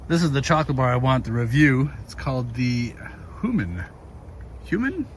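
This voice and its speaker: A man's voice: medium pitch, brisk. Middle-aged male vlogger, mid-range voice, casual walk-and-talk, slightly winded, faint outdoor hiss behind. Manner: chatty, easygoing, talks to viewers while hiking. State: a little out of breath. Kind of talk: casual walking vlog. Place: muddy forest trail outdoors, windy.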